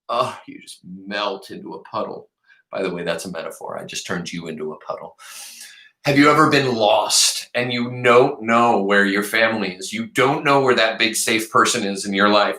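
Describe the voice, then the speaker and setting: A man's voice: lowish voice, moderate pace, bright, forceful tone, roomy sound, rough recording. A man, a teacher, reading a novel aloud to his class and stopping often to talk with the students.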